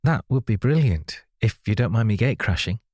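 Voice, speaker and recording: A man's voice: on the low side, animated, moderate pace, a little mellow, breathy edge, no echo, studio quality. A man doing Rachel, an eager Yorkshire woman. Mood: eager, friendly. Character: young woman new to town, friendly.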